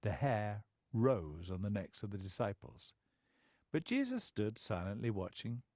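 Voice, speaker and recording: A man narrating a book as an expressive storyteller with wry asides, close to the mic. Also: on the low side, unhurried, no echo. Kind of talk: scripted narration.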